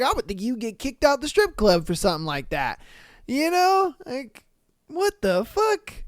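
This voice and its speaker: Slangy, animated podcast host reading comments; clean, dry close-mic sound. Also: medium pitch, clear, resonant tone, no echo. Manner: animated and slangy, laughs and swears often. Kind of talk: casual chat, reading comments aloud.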